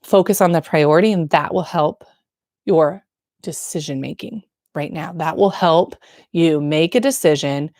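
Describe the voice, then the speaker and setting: A woman's voice: low voice, a little slow, darkish tone, no echo, clean studio sound. A woman who works as a birth nurse, giving frank, slangy, encouraging advice straight to camera. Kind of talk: casual direct-to-camera advice.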